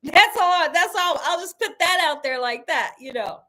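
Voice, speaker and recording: A woman's voice: extremely high pitch, animated, normal speed, sharp tone. A woman hosting a cooking channel live stream, chatting casually with viewers, reading their comments aloud and laughing often. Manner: laughs often, emphatic and playful.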